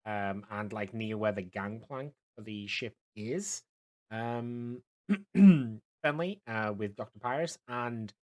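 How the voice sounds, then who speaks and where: A man's voice: on the low side, takes it slowly, a bit bright. A man narrating a tabletop game as dungeon master, hesitant and full of fillers.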